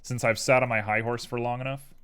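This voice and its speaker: A young man streams live while working on a 3D model, chatting casually in an animated, rambling way and drifting onto tangents. His medium-pitched voice is brisk and smooth, with keyboard clicks and typing in the background.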